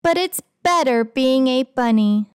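A woman's voice: sits high, measured pace, clean tone, no echo, studio quality. A woman doing an eager little boy bunny. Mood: rueful. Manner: excited, exclaiming lines. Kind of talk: children's storybook reading.

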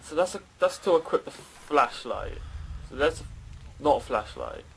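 A man's voice: mid-range voice, expressive, a little slow, creaky, a little hiss or hum. A young man commentating a horror game as he plays it, jumpy, swearing and talking to himself and the game. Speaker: gaming channel host.

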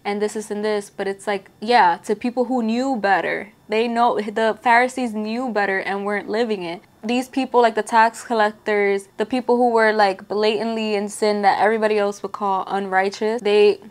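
Woman, faith vlogger, earnest and casual, mid-pitched, filler-heavy chat. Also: steady tone, moderate pace, few pauses. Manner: earnest, conversational, many "like" fillers. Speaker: Christian vlogger. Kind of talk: casual faith talk to camera.

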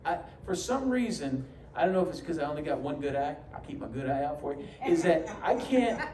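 A New York man preaches a sermon as pastor in a church sanctuary, telling stories with humorous asides and acting out the voices he quotes. His voice is on the high side, sing-song, a little mellow, and fairly quick. The mic sits at a distance in an echoey church hall, with faint ambience and a little hiss or hum.

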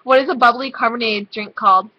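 A woman's voice: on the high side, fast talker. A teenage girl chatting casually with a friend, giggly and offhand as she reads out a word list. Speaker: vlogger. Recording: dull lo-fi webcam audio.

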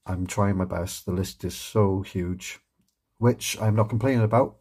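Male reaction vlogger, deep and husky, loose heartfelt rambling. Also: fairly even intonation, measured pace, a little mellow. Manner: rambling, heartfelt, lots of ums and restarts; swears casually. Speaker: reaction channel host. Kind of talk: casual reaction vlog chat.

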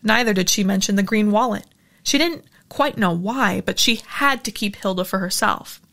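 A woman narrating a novel in a steady storytelling manner, as a regular audiobook reader. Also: medium pitch, normal speed. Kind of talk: reading a novel aloud.

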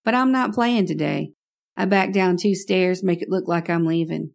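A woman's voice: fairly low pitch, moderate pace, gravelly. A woman narrating a first-person horror story in a wry, conversational way.

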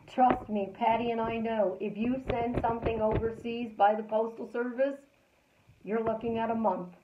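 A woman hosting a live stream as a life coach, talking casually and repeating calm affirmations in a chatty, storytelling way. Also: fairly high pitch, normal speed, echoey room, dull audio, noisy background.

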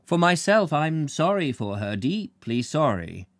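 A man voicing a sly middle-aged lodger with a soft, smooth voice and an oily, hesitant manner. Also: on the high side, very animated, unhurried, no room sound, studio quality, pitched above the performer's own voice.

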